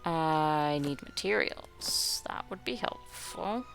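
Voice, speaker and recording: A woman's voice: sits low, expressive, slow pace, gravelly, fairly bright tone, faint music behind. A young woman giving wry, sarcastic commentary while playing a building game. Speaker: game streamer. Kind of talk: gameplay commentary.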